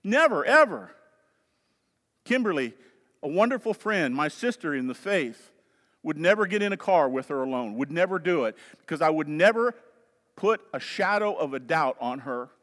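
A Southern preacher with a high, ringing voice that carries through a long-reverb sanctuary. He drives his points hard and loud, then drops low and soft for an aside. The delivery is emphatic, fervent and pulpit-ready. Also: animated, moderate pace. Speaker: pastor. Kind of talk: sermon.

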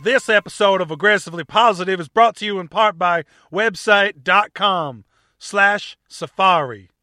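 A man putting on an Australian-style voice for a sponsor read, loud and drawn out, the attempt not quite landing. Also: sits high, normal speed, dry recording. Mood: hammy. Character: man's failed attempt at an Australian announcer.

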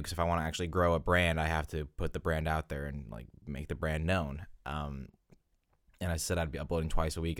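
A young man with a deep, smooth voice chats casually on his solo podcast. He rambles and corrects himself, sounding a little out of breath. The sound is close and dry. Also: fairly bright tone, no echo. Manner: rambling, self-correcting, chatty. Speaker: podcast host.

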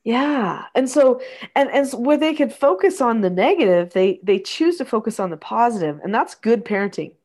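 A middle-aged woman hosting a podcast, reading a story aloud in a gentle, soft-spoken way and chatting afterward. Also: on the high side, expressive, normal speed.

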